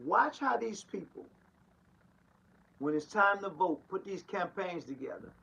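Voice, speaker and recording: A man preaches in a streetwise, emphatic way, firing off rhetorical questions and repeating his points. His voice sits fairly high and swings widely in pitch. The tone is gravelly and husky. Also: lively intonation, a little slow, bright, forceful tone, low-quality recording. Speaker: pastor. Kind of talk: street-style preaching monologue.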